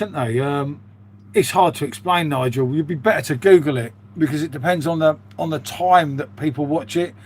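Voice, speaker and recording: Chatty British man with a higher voice. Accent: British English. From United Kingdom. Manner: chatty, rambling, says "mate" often. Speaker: live streamer reading chat. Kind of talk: casual live-stream chat.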